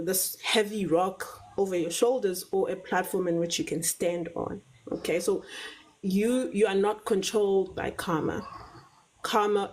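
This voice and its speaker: A woman's voice: on the low side, a little mellow, slight background noise, low-quality recording. South African woman explaining things patiently. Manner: measured, repeats words while finding phrasing, checks in with "right?". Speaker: guest on a live talk show. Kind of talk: explanatory conversational talk.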